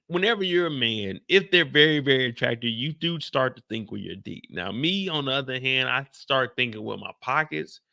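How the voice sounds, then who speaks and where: A man hosting a casual recap of a TV episode, ranting in an animated, profane, slang-heavy way. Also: mid-range voice, creaky, no room sound. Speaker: TV show recap host.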